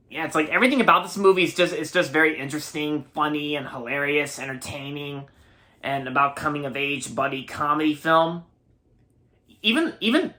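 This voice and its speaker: A man's voice: on the high side, bright, forceful tone. A young man in his early twenties from Maryland, giving a rambling, casual movie review and often repeating himself. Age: early 20s.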